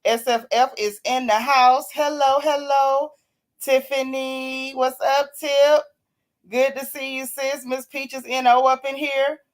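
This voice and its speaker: A woman's voice: high voice, level tone, slow pace. Worn-out, folksy woman hosting a livestream. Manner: folksy, teasing, calls viewers sis and child. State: sick, worn out. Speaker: livestream host. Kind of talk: casual livestream chat, greeting viewers.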